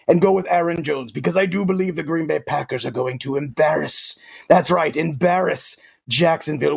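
A towering alien warlord voiced by a man with a deep, gritty rasp and a breathy, husky edge. He is smug and grandiose, pompous in every phrase, and talks about himself in the third person while making comic sports picks. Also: darkish tone, full character voice. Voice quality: gravelly, husky.

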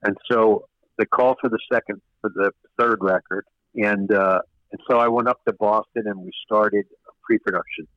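A man's voice: fairly low pitch, steady tone, normal speed, no echo. An older man, a record producer, telling stories in an interview, rambling with many fillers and restarts. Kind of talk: casual interview storytelling. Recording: dull lo-fi radio sound.

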